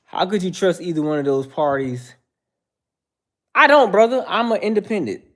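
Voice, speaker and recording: A man's voice: high voice, big pitch swings, normal speed, fairly bright tone. A man hosting a livestream who answers viewers by name in casual, heated talk, calling everyone "bro.". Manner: heated, preachy, says "bro" constantly; addresses chatters by name. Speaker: livestream host.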